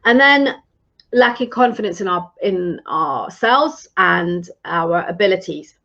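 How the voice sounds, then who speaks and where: A woman's voice: fairly low pitch, lively intonation, slow pace, a bit bright, dull audio. Encouraging woman coaching on a live stream. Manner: encouraging, conversational, restarts phrases. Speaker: leadership and career coach.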